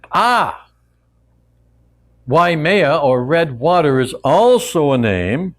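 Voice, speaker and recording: A man telling a traditional tale to a live audience in a relaxed, conversational way with frequent asides. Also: fairly high pitch. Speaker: storyteller and teacher. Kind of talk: oral storytelling to a live audience.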